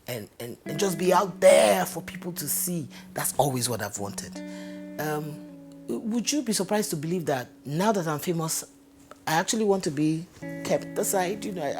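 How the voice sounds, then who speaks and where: Low-voiced Nigerian woman, lively storytelling. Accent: Nigerian English. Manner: lively, chatty, breaks into laughter. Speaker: interviewee. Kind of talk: candid personal storytelling. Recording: voice over guitar music bed. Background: guitar music.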